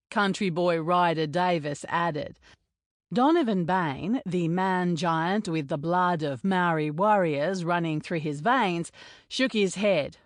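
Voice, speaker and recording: A woman reading a novel aloud as an audiobook narrator, measured and steady. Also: fairly low pitch, no echo, clean studio sound.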